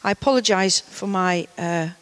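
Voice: mid-range voice, moderate pace, fairly bright tone, clean tone, big-room sound, low-quality recording. A preacher with a Geordie accent giving a sermon in a conversational way, with wry asides.

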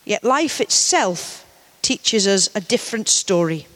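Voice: mid-range voice, expressive, measured pace, fairly bright tone, in a large hall, low-quality recording. A preacher with a Geordie accent giving a sermon in a conversational way, with wry asides.

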